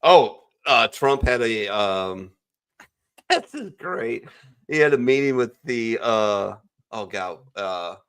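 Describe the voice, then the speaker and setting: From home on a virtual call, a podcast host leads a casual conversation among veterans in a lowish, fairly bright and clean-toned voice at a slow pace. He rambles through his opinions in a blunt, profane way.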